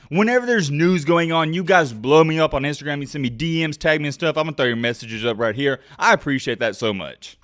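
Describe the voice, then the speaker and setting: A male college football commentator ranting to camera in an emphatic, worked-up way. His voice sits a bit high and swings widely in pitch as he presses each point. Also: a bit bright.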